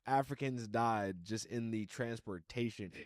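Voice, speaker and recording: A man's voice: mid-range voice, measured pace, dry recording, clean studio sound. A man co-hosting a podcast, chatting casually and reflectively, often repeating his points. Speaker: podcast co-host. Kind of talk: casual chat.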